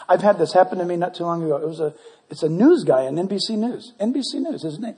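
A man preaching a sermon in a high, lively voice that leaps up and down as he acts out prayers and bits of dialogue. His playful delivery rings out with a long reverb from a big hall. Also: brisk. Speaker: pastor.

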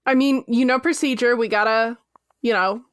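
A woman's voice: on the high side, fairly even intonation, moderate pace, fairly bright tone, dry recording, studio quality, close to an everyday voice. A woman voicing a cautious female village guard who speaks in a wary, matter-of-fact way.

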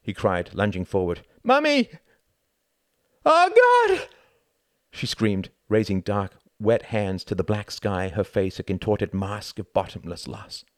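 Male author narrating his audiobook, very deep voice, measured and expressive, dry close sound. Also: no echo.

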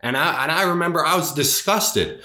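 A man's voice: on the high side, lively intonation, moderate pace, bright, forceful tone. A young man hosting a casual podcast chat, talking bluntly and emphatically and swearing freely. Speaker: podcast host. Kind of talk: casual conversation.

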